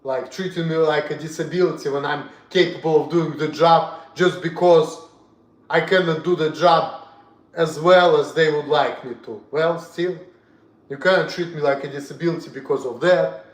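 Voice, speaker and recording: This is a casual, profanity-laced livestream rant from a young man from Russia with a Russian accent and a slightly high voice. He keeps repeating himself while his volume rises and falls.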